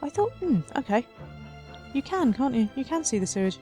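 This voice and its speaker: A woman's voice: high voice, very animated, moderate pace, mellow, faint music behind. A woman hosting a city-building let's play, chatting wryly and talking to her simulated residents as she builds. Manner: chatty, wry, talks to her sims. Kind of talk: casual game commentary.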